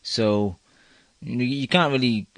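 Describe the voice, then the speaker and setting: A man's voice: mid-range voice, measured pace, no room sound. A man hosting a casual boxing podcast, asking the others questions and swearing freely. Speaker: podcast host. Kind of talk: casual chat.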